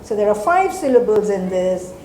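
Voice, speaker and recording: A woman's voice: mid-range voice, big pitch swings, moderate pace, darkish tone. Indian English woman teacher, echoey room. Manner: explains step by step, switches between English and Hindi. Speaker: teacher and mentor. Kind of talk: speaking at a group meeting. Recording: echoey room, faint background noise.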